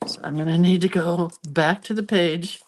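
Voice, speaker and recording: Her lowish voice has a darkish tone, a steady delivery, and a normal speed. A congested, sniffly craft video host, she chats casually through a demo while working, laughing at herself.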